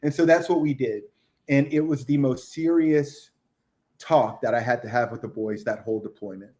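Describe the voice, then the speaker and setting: A middle-aged man, a retired military chief, telling a combat story as a podcast guest, acting out the shouted orders. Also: medium pitch, normal speed. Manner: animated war storytelling, acts out shouted quotes. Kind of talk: casual storytelling interview.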